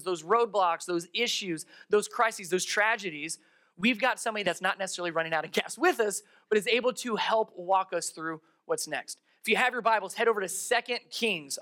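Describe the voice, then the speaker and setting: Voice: mid-range voice, a bit bright. A pastor preaching a sermon in a conversational way, retelling a scripture story with asides to the congregation. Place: church service held in a darkened theater.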